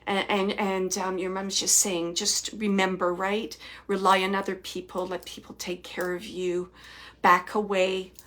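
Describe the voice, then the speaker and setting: Soft-spoken woman medium doing a reading. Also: mid-range voice, level tone. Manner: soft, halting, lots of restarts and repeated phrases; drops to near-whispers at times. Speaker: psychic medium host. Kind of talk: live spirit reading, relaying messages.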